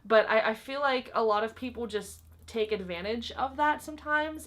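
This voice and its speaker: A young woman vlogger with a mid-range, fairly bright voice casually tells stories about her old job to the camera. She's chatty and fills her speech with lots of "like" and "um."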